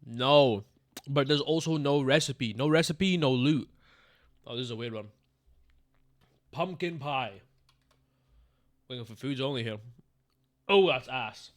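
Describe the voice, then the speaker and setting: A young man streaming a game live, swearing freely and calling his chat "bro" while he guesses out loud. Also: mid-range voice, unhurried, long pauses. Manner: profane, excitable, calls the chat bro.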